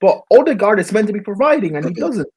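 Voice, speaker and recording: Husky man arguing football, high voice. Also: very animated, fast talker, darkish tone. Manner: talks over the host to argue his point. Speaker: co-host and football fan. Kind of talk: casual panel banter.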